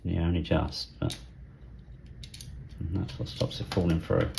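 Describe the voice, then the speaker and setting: A middle-aged man from England talks through a hobby unboxing at his workbench, musing aloud with halting fillers. His voice sits very low, with a gravelly fry and a dark, mellow tone, often dropping to a soft half-whisper. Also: big pitch swings, a little hiss or hum. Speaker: model railway vlogger. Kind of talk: casual hobby unboxing commentary.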